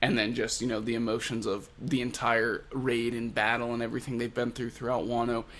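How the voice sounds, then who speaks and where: A man's voice: medium pitch, little pitch movement, fairly quick, fairly bright tone. A man giving a casual, enthusiastic review of a comic chapter, retelling scenes. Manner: enthusiastic, retelling with acted quotes. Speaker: manga reviewer.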